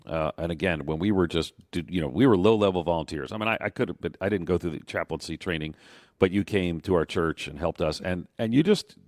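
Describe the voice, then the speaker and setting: A man hosting a radio interview, asking questions in an animated way and often repeating words. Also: deep voice, brisk, no echo, studio quality. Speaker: radio show host. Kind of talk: conversational interview.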